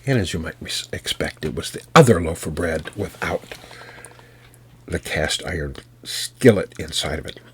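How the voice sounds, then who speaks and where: An American man working as a storyteller, telling a folk tale in an unhurried, folksy way with fillers and restarts. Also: rumbling low, expressive, slight background noise. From United States.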